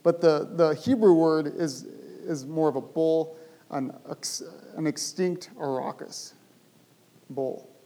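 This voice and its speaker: A male pastor preaching a sermon, speaking with animated emphasis and rising to loud, emphatic bursts. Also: on the high side, takes it slowly, low-quality recording.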